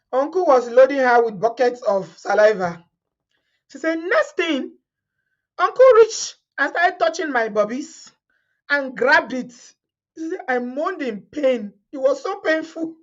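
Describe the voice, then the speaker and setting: A woman's voice: on the high side, animated, measured pace. A woman reading a viewer's story aloud in a casual way, often breaking into laughter and adding her own comments. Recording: dull lo-fi sound.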